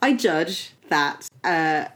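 A woman co-hosting a comedy podcast, speaking in a dry, measured, amused way. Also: deep voice, lively intonation, fairly bright tone. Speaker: podcast co-host. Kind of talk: casual comedic chat.

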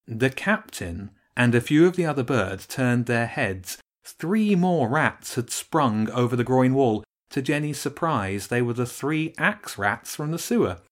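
A man narrating a children's storybook with expressive storytelling. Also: mid-range voice. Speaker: audiobook narrator. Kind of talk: scripted narration.

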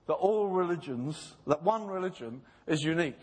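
A man preaching a sermon. He talks earnestly, acts out the voices he quotes, and slows down to stress his points. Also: fairly high pitch, expressive, darkish tone, husky. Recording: long hall reverb.

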